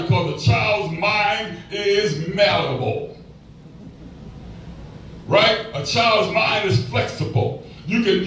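A man's voice: high-pitched, a bit bright. A man in his sixties preaching a sermon as pastor, folksy and calling out to the congregation. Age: 60s. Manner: folksy, call-and-response preaching. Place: church. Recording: echoey church from far off with music.

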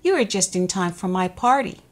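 A woman's voice: mid-range voice, expressive, normal speed, lightly acted. A woman voicing a cheerful, kind female kangaroo who reassures her friend, reading a storybook aloud.

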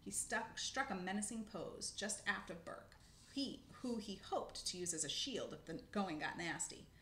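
A woman's voice: medium pitch, lively intonation, normal speed, fairly bright tone. Woman narrator of a children's book, casual with asides, echoey room, faint hiss. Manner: casual, with spoken asides and self-corrections. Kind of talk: reading a children's book aloud.

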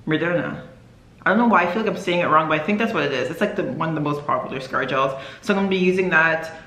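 A woman's voice: deep voice, fast talker, fairly bright tone. A young woman vlogging casually to camera, rambling and chatty with lots of fillers and self-corrections. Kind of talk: casual vlog chat to camera. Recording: echoey room.

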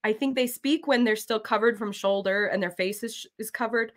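An American woman in her thirties hosting her cross-stitch channel, chatting casually in a rambling, giggly way, full of "like" and "um". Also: on the high side. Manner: rambling and giggly, full of "like" and "um", often trails into quick laughs. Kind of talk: chatty talk while stitching.

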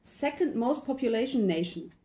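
A woman's voice: on the high side, expressive, moderate pace, mellow. Playful German woman in an echoey room. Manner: playful teasing. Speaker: co-host. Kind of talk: casual snack review chat.

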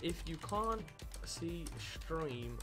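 A man's voice: fairly high pitch, animated, very slow, over music. A man hosting a live game stream, chatting and joking with friends and viewers. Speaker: livestream host. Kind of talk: casual chat while streaming.

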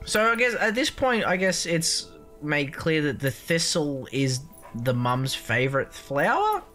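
A man's voice: a little high, big pitch swings, measured pace, sharp tone, soft background music. A man giving casual, rambling let's-play commentary, swearing freely and joking as he goes. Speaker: gaming channel host.

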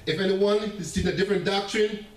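A man preaching a sermon as pastor, animated, with laughing asides and stammering restarts. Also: high voice, quick pace. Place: church sanctuary. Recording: echoey church room heard from a distance.

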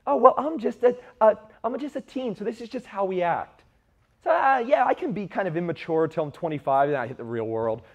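A man's voice: high voice, very animated, brisk, full character voice. A man imitating an immature teenage boy with a whiny, dismissive way of talking.

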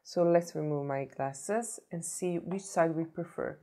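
A woman vlogging a makeup review, tired and hoarse from a cold, chatty and often restarting her words. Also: lowish voice, measured pace, dark tone. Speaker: beauty vlogger. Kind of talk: casual makeup review vlog.

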